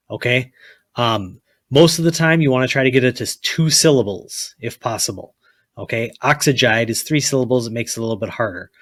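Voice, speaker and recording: A man's voice: medium pitch, a bit bright, dry recording. A man teaching a chemistry lesson, blunt and repetitive, often checking with "okay?" and telling students to write things down. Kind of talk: classroom lecture.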